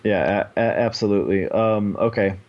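A man's voice: lowish voice, moderate pace, lo-fi sound. A man co-hosting a podcast, chatting casually with plenty of swearing and self-mocking jokes. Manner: profane, self-mocking banter. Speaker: podcast co-host.

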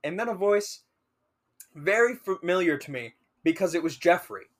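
A young man with a slightly raised voice tells a story casually. He is animated and swears freely. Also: sits high, moderate pace. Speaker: podcast co-host.

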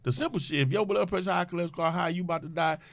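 A man's voice: high-pitched, racing, vocal fry, a bit bright, no echo. A man in casual podcast banter, talking bluntly and profanely, preaching his views.

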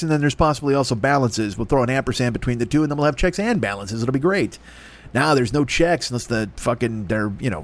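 A middle-aged man hosting a show, ranting and rambling in a profane comic monologue, often swearing and mocking other voices. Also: medium pitch. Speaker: podcast host.

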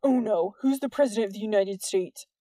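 A woman's voice: mid-range voice, fairly quick, dark tone, no echo, close to an everyday voice. A woman reading the part of an earnest, worried teenage boy in an audiobook, with urgent, anxious questions.

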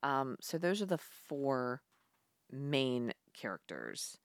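Woman co-host, low pitch, blunt and animated, dry recording. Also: slow, dry recording. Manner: animated, blunt, swears freely. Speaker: podcast co-host. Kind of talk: casual chat.

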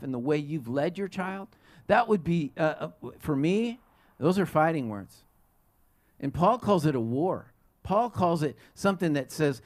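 A middle-aged man, a pastor, preaching a conversational sermon full of restarts and rhetorical questions to his congregation. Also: a little high.

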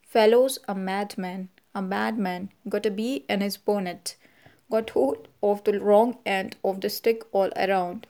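A woman reading the part of a gruff elderly army general who barks in clipped, halting phrases. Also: mid-range voice, fairly even intonation, mellow, natural voice. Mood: soothing.

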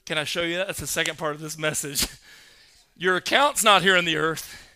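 A male pastor preaching a sermon, emphatic, building to loud, insistent peaks and quizzing his congregation. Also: on the high side, fairly even intonation, normal speed, a little hiss or hum.

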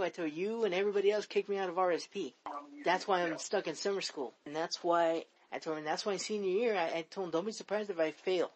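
Young man, fast talker, rambling, repeats himself, swears a lot, casual podcast chat. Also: high-pitched, a little hiss or hum, rough recording. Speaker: podcast co-host.

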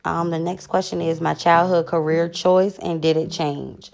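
A woman's voice: lowish voice, level tone, normal speed, gravelly. A woman, chatting casually to camera through a question list while hiccupping and burping and excusing herself often. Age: 20s. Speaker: vlogger.

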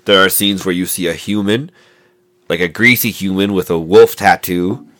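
Man, very low voice, casual podcast chat, rambling, lots of ums. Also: steady tone, moderate pace, a bit bright. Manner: rambling, many fillers and restarts. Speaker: podcast co-host. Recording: noisy amateur mic recording.

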